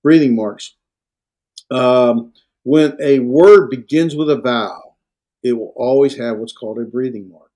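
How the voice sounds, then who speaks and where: A man lecturing on Greek to a class, halting and full of fillers and self-corrections. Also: medium pitch, mellow. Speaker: Greek instructor.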